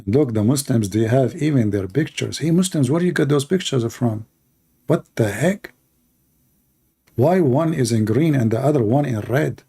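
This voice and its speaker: A man's voice: mid-range voice, moderate pace, dark tone, breathy edge. A man hosting a live call-in debate show in slightly broken English, mocking and taunting his callers.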